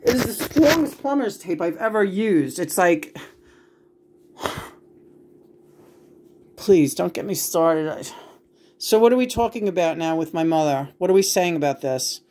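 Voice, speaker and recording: A woman's voice: lowish voice, expressive, measured pace, pauses often, darkish tone. A woman venting in a casual home video, frustrated and profane, rambling with many restarts. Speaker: vlogger.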